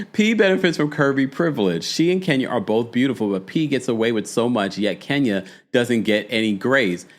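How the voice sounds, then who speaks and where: A man's voice: medium pitch, animated, normal speed. A man hosting a casual commentary show, reading viewer messages aloud and reacting with laughs. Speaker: host.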